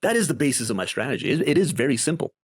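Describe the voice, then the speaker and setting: A man explains his investing strategy on a screen-share in a lively, chatty way. His pitch swings widely as he talks, and the recording is dry and close, with no room sound. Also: rapid-fire, slightly rough, no room sound. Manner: animated and conversational, with many tag questions. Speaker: crypto investing video host.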